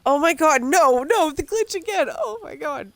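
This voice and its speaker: A woman's voice: high-pitched, animated, moderate pace, fairly bright tone, no echo. A woman giving casual, giggly commentary while playing a role-playing game. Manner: giggly, exclaiming, breaks into laughter. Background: faint game music.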